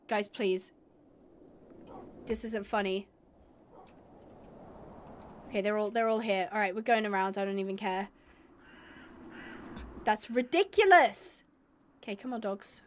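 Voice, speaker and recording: A woman's voice: medium pitch, unhurried, long pauses, slight background noise. A woman streaming a game live, talking to her viewers with big emotional swings from glum muttering to shrieking distress. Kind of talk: live gameplay commentary.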